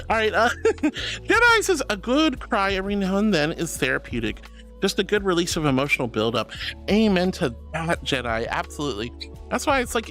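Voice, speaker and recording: A woman's voice: lowish voice, a bit bright. A woman streamer chatting casually and reading viewer comments, calling her viewers honey and darling and laughing often. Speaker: VTuber streamer.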